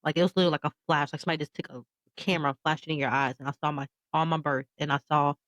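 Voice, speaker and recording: A woman's voice: deep voice, steady tone, racing, fairly bright tone, dry recording, rough recording. A woman in her thirties co-hosting a podcast, recounting a personal story with candid emotion. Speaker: podcast co-host. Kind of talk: casual podcast conversation.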